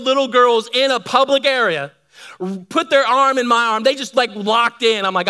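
A middle-aged man preaching a sermon, telling lively stories to his congregation. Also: extremely high pitch, normal speed, clean tone. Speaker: pastor.

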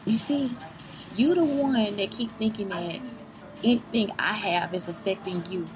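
A woman's voice: mid-range voice, measured pace, poor audio. A woman giving a rambling, profane, unscripted venting monologue to her viewers, often asking if they see what she means. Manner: heated, profane, keeps asking "you see what I'm saying?"; rambling, circling back on herself.

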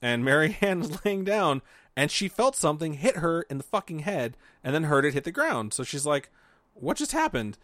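A man's voice: on the high side, expressive, normal speed, fairly bright tone, no echo. A man co-hosting a podcast, telling a spooky story in a casual, joking, profane way. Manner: profane, jokey, mocking asides. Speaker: podcast co-host.

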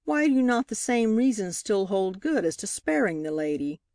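A woman's voice: mid-range voice, big pitch swings, normal speed, a little mellow, dry recording, studio quality, voice pushed up. A woman reading as a relentless male trial lawyer. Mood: sharp, pressing. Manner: pointed, cross-examining, cutting. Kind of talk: audiobook character reading.

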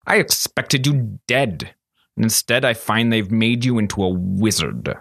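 Guy doing a creepy villain sorcerer, slow silky threats, voice swinging up and down a lot, dry sound. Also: fairly low pitch, lively intonation, gravelly, fairly bright tone, no room sound, heavily acted. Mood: contemptuous. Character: cold, menacing older male sorcerer master.

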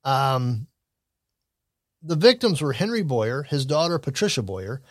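A man's voice: medium pitch, sing-song, a little slow, no echo, clean studio sound. Blunt, opinionated man. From Michigan. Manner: blunt, opinionated, rambling with restarts. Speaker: commentary show host. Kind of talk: casual news and political commentary.

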